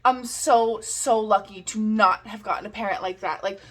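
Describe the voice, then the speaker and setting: A woman's voice: mid-range voice, steady tone, normal speed. A young adult woman telling a personal story in a casual vlog, chatty and giggly, with lots of "like" and self-mocking asides. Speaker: vlogger.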